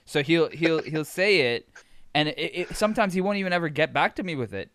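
A man in a casual chat, lively and quick when worked up. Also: fairly high pitch, noisy background.

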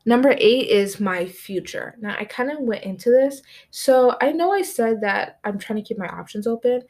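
A woman's voice: fairly high pitch, expressive, normal speed, darkish tone. A teenage girl from the United States hosting her own podcast from her desk at home, rambling casually with lots of "like" fillers. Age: late teens. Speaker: podcast host. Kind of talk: casual solo podcast talk.

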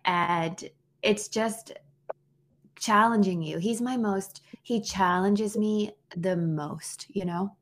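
A woman's voice: mid-range voice, slow. A woman in her thirties co-hosting a podcast, telling a personal story in an earnest, casual way with frequent restarts. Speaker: podcast co-host. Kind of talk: casual heartfelt conversation.

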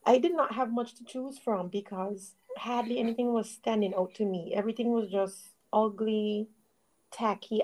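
A young woman co-hosting a podcast, chatting in a gushing, animated way and drawing words out for emphasis. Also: on the high side, normal speed, rough recording. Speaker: podcast co-host. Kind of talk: casual chat.

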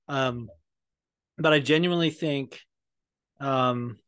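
A man's voice: medium pitch, takes it slowly, fairly bright tone, smooth. A man hosting a podcast in casual chat, rambling and profane, with lots of fillers and restarts. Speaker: podcast host.

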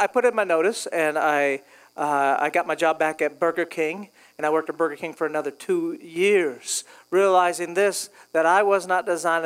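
A man's voice: extremely high pitch, clean tone. Man preaching a jokey storytelling sermon. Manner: storytelling, joking, animated. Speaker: pastor.

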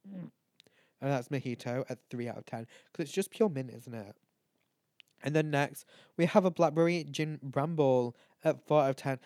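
A man's voice: medium pitch, darkish tone, dry recording, studio quality. A tipsy man, chatting loosely and swearing as a podcast host. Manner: rambling, chatty, swears a lot, laughs at himself. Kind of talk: casual drunk chat, ranking canned cocktails.

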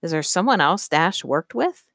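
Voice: medium pitch, very animated, moderate pace, creaky, fairly bright tone, dry recording, clean studio sound, pitched above the performer's own voice, heavily acted. A reader voicing a determined young girl who is polite, earnest and a little sly, in an audiobook. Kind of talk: audiobook character voice.

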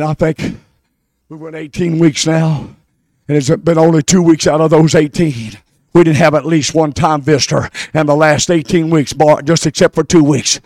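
A male pastor, preaching in a high voice. He shouts rhythmic repeated lines and lets out whoops. The sound is dry and close. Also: dry recording. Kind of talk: Pentecostal sermon and prayer.

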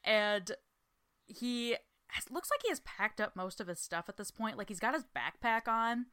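A woman's voice: on the high side, animated, moderate pace, pushed and bright, smooth. A young woman co-hosting a podcast, recapping a reality show in casual chat, swearing freely and laughing often. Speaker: podcast co-host.

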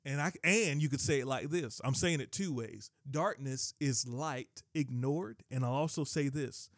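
A man's voice: mid-range voice, unhurried, hardly any pauses, dry recording. Emphatic man preaching in a dry room. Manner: emphatic, repeats and restarts phrases. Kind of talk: sermon teaching.

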